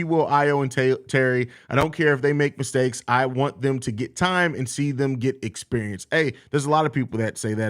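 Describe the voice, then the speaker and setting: A man hosting a live sports talk show, reading viewer questions and answering in a blunt, profane, ranting way. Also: a little high. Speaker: podcast host reading chat questions.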